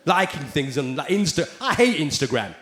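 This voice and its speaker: Sardonic stand-up comedian on stage. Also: male voice, on the high side, sing-song, moderate pace, fairly bright tone. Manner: conversational, sardonic, rhetorical asides. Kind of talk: live stand-up routine. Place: theater stage. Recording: roomy live theater with ambient noise.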